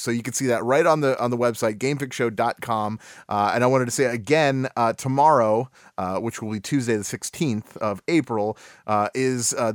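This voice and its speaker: A man's voice: medium pitch, clear, resonant tone, no room sound, studio quality. A man hosting a casual gaming podcast, full of "uh"s, repeated words and easy laughs. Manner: filler-heavy, repeats words, laughs often. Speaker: podcast host.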